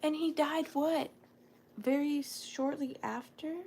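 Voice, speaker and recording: A woman's voice: sits high, steady tone, slow pace, warm tone, a little hiss or hum. A woman reselling antiques, hosting a live sale and reading old letters aloud, emotional and close to tears, marvelling and apologizing as she goes. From US South. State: near tears.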